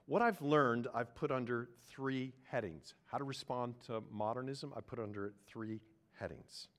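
A man preaching a sermon, earnest, moving from quiet reflection to loud, emphatic points. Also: mid-range voice, moderate pace. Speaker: pastor.

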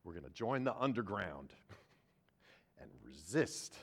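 A man preaching a sermon, earnest, moving from quiet reflection to loud, emphatic points. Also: sits low, big pitch swings, takes it slowly, long pauses, breathy edge. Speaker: pastor.

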